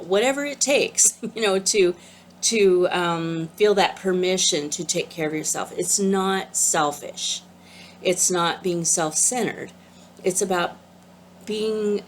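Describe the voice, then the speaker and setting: A woman speaking as a spiritual teacher, her voice sitting a little low. She talks in a calm, gentle and earnest way, casual and unhurried as she explains a card to her listeners. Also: slight background noise. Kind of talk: casual talk on an oracle card.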